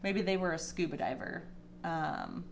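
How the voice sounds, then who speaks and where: A woman's voice: wildly swooping pitch, measured pace, gravelly, a little hiss or hum. A woman giving a casual, emotional spiritual tarot reading, chatty with many fillers and sometimes teary. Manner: emotional, gets teary and pitch rises. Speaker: tarot reader.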